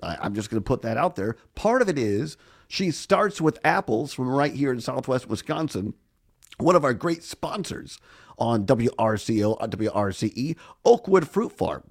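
A man's voice: mid-range voice, sing-song, moderate pace. A middle-aged man hosting a casual local radio call-in show, upbeat and chatty. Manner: upbeat, chatty, repeats phone numbers. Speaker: radio host.

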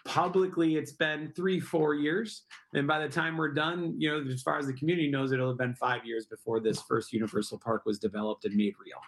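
Middle-aged male guest, slightly high pitch, earnest advocate tone. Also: steady tone, fairly quick, few pauses. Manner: earnest, advocating, rhetorical questions. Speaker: guest, park project founder. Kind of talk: interview answers.

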